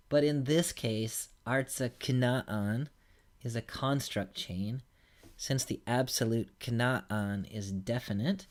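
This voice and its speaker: A man delivers a recorded grammar lesson in an unhurried teaching voice. His pitch sits in an ordinary middle range, and he moves patiently from one example to the next. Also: a little mellow. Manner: patient, explanatory, stepping through examples. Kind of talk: recorded lecture.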